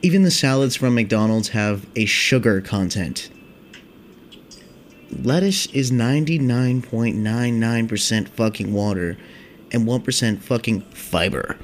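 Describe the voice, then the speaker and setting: A man's voice: mid-range voice, unhurried, slight background noise. A young man hosting a casual podcast, rambling and swearing in a laid-back stoner monologue. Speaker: podcast host.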